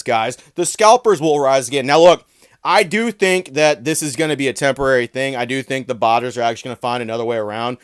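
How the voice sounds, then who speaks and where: A man's voice: medium pitch, fast talker, clear, resonant tone, dry recording, studio quality. Profane, mocking male commentator. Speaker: video commentator. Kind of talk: ranting commentary vlog.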